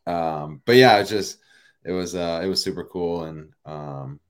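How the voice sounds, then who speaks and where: A man in his thirties with a notably deep, low voice, recounting a memory in casual interview chat. He talks loosely, with plenty of "like" and "you know" as he goes. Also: moderate pace, clean tone. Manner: relaxed, rambling, many fillers like "you know" and "like". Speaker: professional baseball player, guest.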